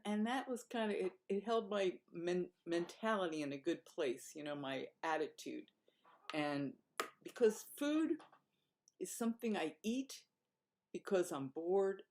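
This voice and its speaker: A woman's voice: fairly low pitch, a little mellow. A woman talking casually through a diary vlog, rambling and correcting herself as she reflects. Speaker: vlogger.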